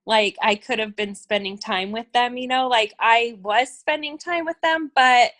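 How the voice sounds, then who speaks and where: A woman's voice: fairly high pitch, unhurried, fairly bright tone, poor audio. A woman guest and team leader chatting casually on a video call, with lots of fillers. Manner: chatty, filler-heavy, laughs easily.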